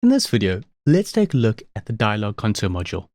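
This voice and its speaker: A man presenting a screen-recorded software tutorial, explaining each step calmly. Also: on the low side, quick pace, dry recording.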